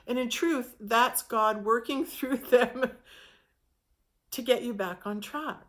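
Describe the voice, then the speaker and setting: A woman's voice: a little high, measured pace, a bit bright. A woman giving an informal spiritual talk, speaking in a reflective, meandering way with frequent restarts.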